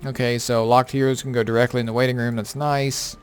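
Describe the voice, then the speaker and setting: A man's voice: medium pitch, level tone, a little fast, faint music behind. A tired man who has been up all night, casually going over game patch notes with lots of fillers and offhand remarks. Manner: rambling, filler-heavy, offhand. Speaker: gaming content creator.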